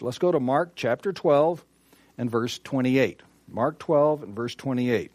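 A man's voice: medium pitch, unhurried, a little mellow, dry recording. A man preaching a sermon with emphasis, repeating key phrases and asking rhetorical questions. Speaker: pastor.

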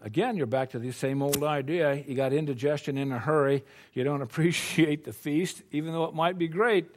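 An older American man preaches a sermon in a folksy, conversational style, full of rhetorical questions. His voice is on the high side and moves fairly quickly.

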